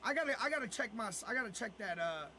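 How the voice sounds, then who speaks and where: A man chats on his game stream in a very high, bright voice. He rants profanely at viewers and circles back over the same words again and again. It sounds like loose, off-the-cuff live talk. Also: expressive, fast, a little hiss or hum. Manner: profane, ranting, repeats himself. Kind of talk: casual live-stream chat.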